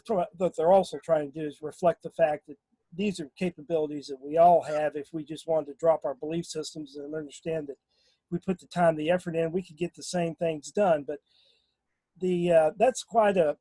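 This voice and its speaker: A man talking casually in a remote group discussion, halting, with many fillers and restarts. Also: a little high, fairly even intonation, warm tone, no room sound, poor audio. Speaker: guest on a paranormal discussion.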